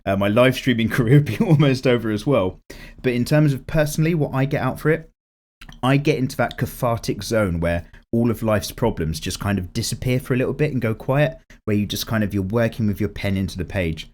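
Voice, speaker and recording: Lively man, voice slightly cracking. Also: medium pitch, fairly quick. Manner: chatty and lively, swears freely. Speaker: YouTube art channel host. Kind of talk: casual chat reading viewer comments.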